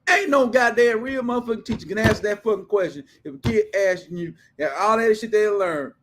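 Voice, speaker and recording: A man hosting his own show, ranting casually in a loud, blunt, profane way with heavy slang. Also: high-pitched, fairly quick, slight background noise. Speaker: show host.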